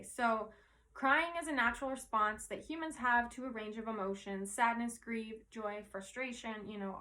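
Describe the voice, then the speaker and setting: A woman talks to her viewers about energy and emotions in a loose, earnest way. Her voice sits a bit high, and she keeps checking in with a quick "right?" as she goes. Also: pushed and bright, slight background noise. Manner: rambling, earnest, says "right?" often, swears casually. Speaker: spiritual teacher and intuitive reader. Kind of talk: casual spiritual talk to viewers.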